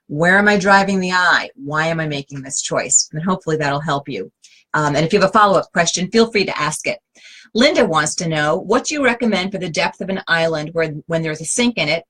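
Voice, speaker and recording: A woman's voice: low-pitched, a bit bright. A woman interior designer answering viewer questions in a casual, direct way, full of rhetorical questions. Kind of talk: casual advice Q&A.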